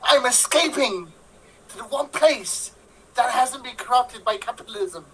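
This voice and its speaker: A woman imitating a grandiose male villain, reciting a line slowly and dramatically. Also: a little high, lively intonation, a bit bright, a little hiss or hum, poor audio. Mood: dramatic.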